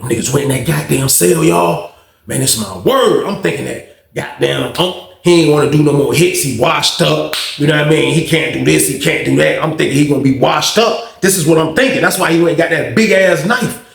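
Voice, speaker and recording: A man's voice: on the high side, fairly quick, vocal fry, roomy sound. A man telling a story from his time in prison in a casual storytime monologue, acting out the quoted lines in a raised voice and swearing freely. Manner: animated, acts out quotes in a raised voice, heavy profanity. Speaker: storyteller recounting prison life.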